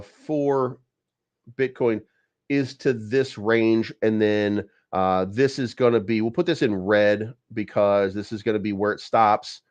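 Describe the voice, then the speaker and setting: A man's voice: fairly low pitch, darkish tone, clean tone, no echo, dull audio. A man hosting a crypto channel, talking casually through price charts, rambling with lots of fillers, repeated words and casual swearing.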